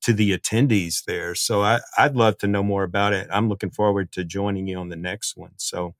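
A man's voice: deep voice, steady tone, a little fast, no room sound, studio quality. A man hosting a songwriting podcast, encouraging his guest and asking questions. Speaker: podcast host. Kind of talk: podcast interview talk.

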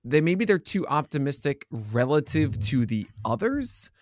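A man co-hosting a casual podcast, joking around and trailing off quietly at the ends of his thoughts. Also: on the high side, sing-song, measured pace, no echo, clean studio sound. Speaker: podcast co-host.

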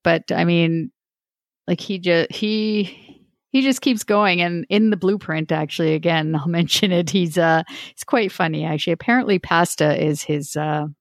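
A woman's voice: lowish voice, normal speed, no room sound, clean studio sound. A woman co-hosting a podcast in casual sports chat, talkative and laughing often, with many restarts. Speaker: podcast co-host.

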